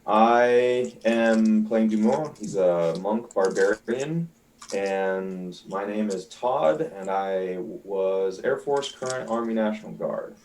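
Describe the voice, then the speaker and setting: A man with a low voice introduces himself as a player in a tabletop game and explains things plainly and matter-of-factly. He sits some way back from the mic, so he sounds distant. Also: takes it slowly, darkish tone. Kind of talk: casual chat on a live stream.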